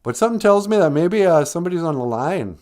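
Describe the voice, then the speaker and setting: A man's voice: on the high side, expressive, fast, a little mellow. A man hosting a comedy live stream, who talks in a blunt, sarcastic, ranting way. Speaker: show host.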